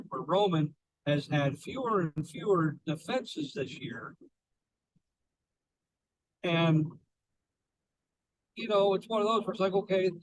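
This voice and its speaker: Man chatting casually, slightly high voice. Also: no echo, low-quality recording. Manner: conversational, loose, swears casually. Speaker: podcast co-host. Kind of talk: casual chat.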